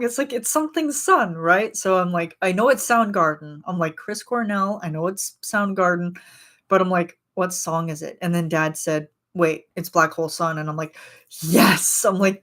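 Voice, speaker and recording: A woman in her thirties chats casually with her stream viewers. She rambles and giggles through her stories, and her voice sits slightly low. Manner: rambling, giggly, animated retelling. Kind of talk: casual chat.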